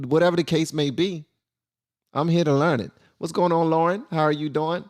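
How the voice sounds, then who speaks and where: A man's voice: a little high, steady tone, moderate pace, darkish tone. Rambling, laid-back male stream host. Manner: loose, rambling, many fillers. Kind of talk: casual live stream chat.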